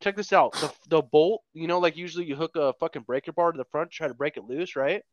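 A man's voice: a little high, fast talker, no room sound, muffled recording. A man on a podcast telling a long story in a casual, rambling way with lots of swearing. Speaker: podcast co-host.

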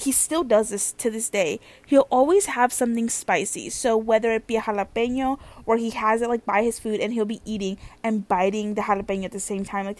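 A young woman telling a casual story as a vlogger, animated and slangy, swearing freely. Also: mid-range voice, no room sound.

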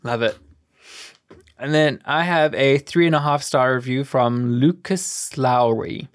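A podcast co-host in casual chat, reading film reviews aloud and tossing in quick deadpan quips. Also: medium pitch.

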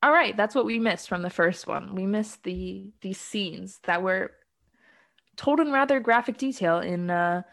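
A woman's voice: medium pitch, measured pace, creaky, a bit bright. A woman co-hosting a casual chat, recapping a film plot with frequent ums and laughs. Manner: laughs often, many ums. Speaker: podcast co-host.

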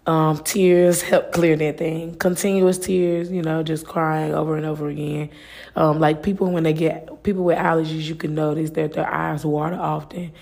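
A woman's voice: low voice, flat delivery, moderate pace, vocal fry, darkish tone. A woman hosting a faith-based podcast, talking earnestly and personally, with many fillers. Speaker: podcast host.

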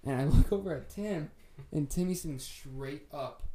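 A man's voice: a little high, moderate pace, mellow. A young man casually telling a long story to friends, laid-back and swearing freely with plenty of "like" fillers. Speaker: podcast co-host telling a story.

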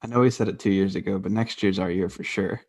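A man co-hosting a podcast in a relaxed, rambling casual chat. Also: sits low, fast talker, husky. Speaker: podcast co-host.

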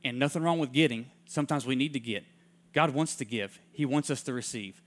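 A man preaching in a storytelling way. He acts out the people he quotes, and his voice drops soft and hushed in heartfelt moments. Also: medium pitch, a little fast. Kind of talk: sermon storytelling.

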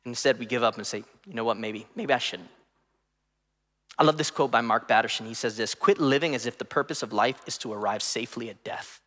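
A man preaching a sermon as pastor, swinging between impassioned emphatic peaks and soft drops, with casual storytelling asides and fillers to his congregation. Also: medium pitch, fast talker, hardly any pauses, in a large hall.

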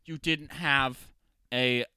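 A young man co-hosting a podcast, telling a party story in casual chat, swearing often and loudly acting out what others said. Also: mid-range voice, very slow, smooth, no echo. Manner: animated storyteller, profane, acts out quotes loudly. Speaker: podcast co-host.

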